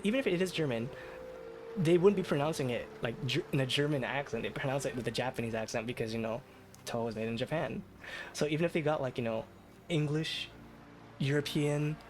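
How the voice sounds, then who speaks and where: A man streaming late at night, chatting casually in a rambling, self-deprecating way with lots of fillers and restarts. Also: medium pitch. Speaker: VTuber streamer. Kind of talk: casual live-stream chat.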